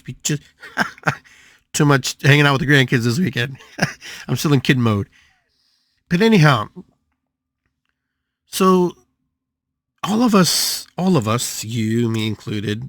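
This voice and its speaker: An older man hosting a spiritual podcast, giving a motivational talk in an animated way, with sudden jumps in pitch and playful, drawn-out repetition of words. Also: no room sound. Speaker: podcast host and spiritual healer.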